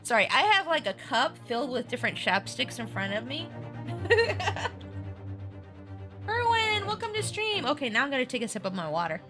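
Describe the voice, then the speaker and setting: Bubbly and giggly, a young adult VTuber chats with her audience while playing a video game at home over game music. She speaks at normal speed in a high, sing-song voice, keeping the let's-play talk casual.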